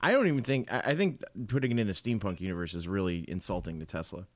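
A man's voice: deep voice, fast talker, no echo. A man co-hosting a casual podcast chat, trading crude, goofy jokes with some swearing. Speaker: podcast co-host.

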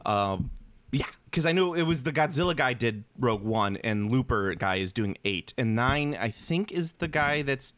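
A man's voice: medium pitch, animated, normal speed, fairly bright tone, no echo. A man in casual chat, rambling and opinionated, often restarting his sentences.

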